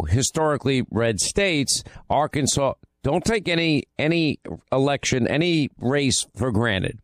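A man's voice: medium pitch, no room sound. A man hosting a political talk radio show, delivering an ad read and monologue in an emphatic, repetitive, punchy way. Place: radio studio. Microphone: close studio mic. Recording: dry close studio sound.

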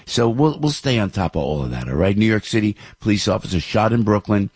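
A man's voice: on the low side, lively intonation, a little fast, darkish tone, slightly rough, dry recording. An older man hosting talk radio, rambling through news headlines with opinions, many fillers and restarts. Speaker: radio show host.

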